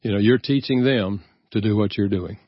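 Brief: older male guest, earnest reflective storyteller, low voice, dull dry studio sound. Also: normal speed, no room sound. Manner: earnest, reflective, easy chuckles. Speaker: guest author. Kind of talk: personal storytelling in a radio interview.

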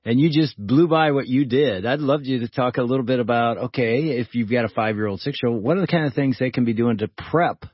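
Brief: male radio host, thoughtful and conversational, husky voice, dry dull studio sound. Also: medium pitch, a little fast, hardly any pauses, no echo. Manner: thoughtful, prompting questions. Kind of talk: conversational interview.

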